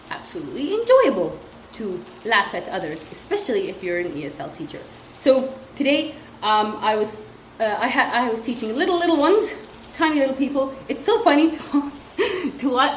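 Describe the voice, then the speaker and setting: A young woman who teaches English as a second language, chatting in a casual comedic vlog, giggling and mocking as she tells classroom stories with acted-out quotes. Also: a little high. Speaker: vlogger and ESL teacher. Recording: echoey room, faint ambient noise.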